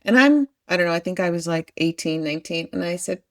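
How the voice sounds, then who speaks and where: Low-voiced woman podcast host. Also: expressive, fast, no echo, clean studio sound. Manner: warm supportive listener, short affirmations. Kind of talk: conversational interview.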